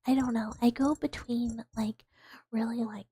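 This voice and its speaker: Soft-whispering woman in whispered role-play. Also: fairly high pitch, steady tone, moderate pace, slightly rough, poor audio. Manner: rambling, self-deprecating, soft whispering. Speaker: ASMR streamer.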